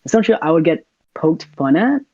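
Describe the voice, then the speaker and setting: A man's voice: fairly high pitch, very animated, brisk, darkish tone, no room sound. A laid-back young man from the United States, talking easily as a podcast guest and laughing now and then. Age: young adult. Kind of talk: casual conversation. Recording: dull lo-fi dry audio.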